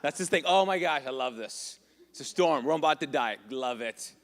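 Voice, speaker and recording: A man's voice: on the high side, animated, normal speed, a bit bright. A male pastor preaching a sermon in a loose, conversational way, joking and asking the congregation questions. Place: church hall. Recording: long church reverb.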